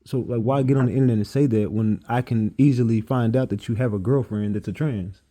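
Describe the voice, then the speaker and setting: Blunt man with a dark voice. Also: medium pitch, fairly quick. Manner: blunt, probing questions. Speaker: interviewer. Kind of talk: casual phone interview.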